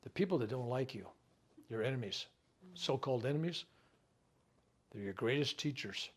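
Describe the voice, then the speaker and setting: A reverend leads a healing workshop for a live group, his medium-pitched voice expressive and husky. He teaches in a folksy, conversational way, joking, asking rhetorical questions and acting out what people might say in quick asides.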